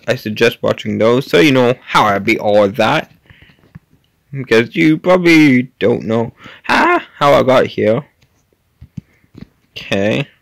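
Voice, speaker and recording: A man hosting a gaming channel, chatting casually to himself and his viewers as he plays, with quick little laughs. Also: medium pitch, creaky, no echo. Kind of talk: casual gameplay commentary.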